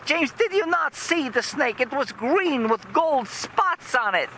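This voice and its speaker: A man voicing a panicking female tourist mother, shrill and frantic, with engine noise from an outdoor vehicle behind. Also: animated, measured pace, sharp tone, exaggerated voice. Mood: insistent.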